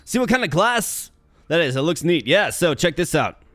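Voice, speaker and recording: A man's voice: fairly high pitch, sing-song, normal speed, a bit bright, no room sound, faint music behind. Chatty upbeat man from Minnesota. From Minnesota, USA. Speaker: gaming channel host. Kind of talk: casual gameplay commentary.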